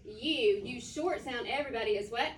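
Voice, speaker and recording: A woman's voice: fairly high pitch, far from the mic, heavy background noise. Teacher woman in an echoey classroom. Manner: call-and-response questioning, drawn-out sounding out. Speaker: first grade teacher. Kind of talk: classroom phonics lesson.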